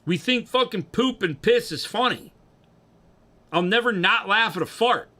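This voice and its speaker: A young man drinking on a livestream, chatting casually with viewers in a profane, rambling way that swings between loud bursts and mumbling. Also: high-pitched, lively intonation, measured pace.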